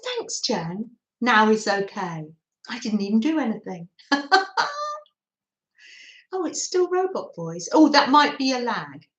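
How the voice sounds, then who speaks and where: Her voice now sits a little high and the sound is reverberant. Still hosting the craft livestream, she giggles through a casual live chat, reading viewers' comments aloud from her phone.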